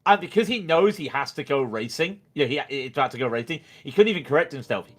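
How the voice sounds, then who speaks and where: A man's voice: fairly high pitch, animated, fast talker. A man commentating on a sim race in casual chat, rambling and joking with plenty of stammered restarts.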